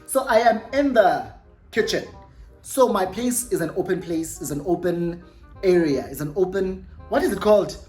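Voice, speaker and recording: Brief: young South African woman, low voice, chatty storytime vlogger, faint music behind. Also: animated, moderate pace, a little mellow. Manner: chatty, self-correcting, mixes in Xhosa words. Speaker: YouTuber. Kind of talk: casual storytime vlog.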